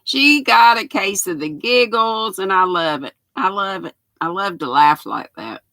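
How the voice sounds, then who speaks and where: This older North Carolina woman has a medium-pitched, animated, sharp-toned voice and an unhurried delivery, recorded with no room sound. With her Southern accent, she hosts an easygoing livestream, chatting folksily and naming each viewer as she greets them.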